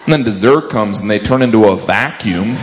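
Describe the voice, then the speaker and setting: A man's voice: fairly low pitch, moderate pace, echoey room. A man doing a stand-up routine, wry, mimicking other diners. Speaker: stand-up comedian. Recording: noisy live stage recording.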